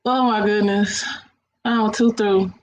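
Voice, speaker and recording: A woman's voice: mid-range voice, steady tone, slow, a little mellow. A woman hosting a casual reaction chat, laughing often and repeating herself while talking to viewers. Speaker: host. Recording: echoey room with faint noise.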